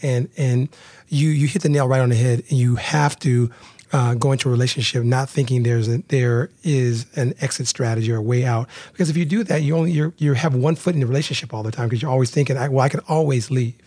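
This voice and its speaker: A man's voice: mid-range voice, steady tone, fast, a little mellow, dry recording. Man, podcast host, earnest, repetitive restarts, dry close mic. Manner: earnest, repeats words often. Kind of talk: casual interview talk.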